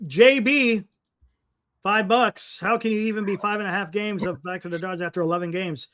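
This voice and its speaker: A man's voice: high voice, steady tone, brisk, a bit bright. A man co-hosting a live sports talk stream, groaning and exasperated over his team's record.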